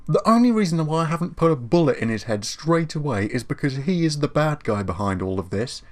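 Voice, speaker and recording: A man's voice: fairly high pitch, lively intonation, fairly quick. A young man giving let's play commentary, sarcastic and exasperated, swearing freely at the game. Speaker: gameplay commentator.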